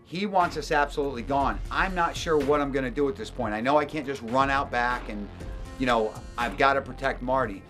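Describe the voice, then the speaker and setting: A man's voice: mid-range voice, brisk, fairly bright tone, soft background music. A man working as a hunting guide, telling a story in an emphatic way and repeating words for stress. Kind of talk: storytelling narration.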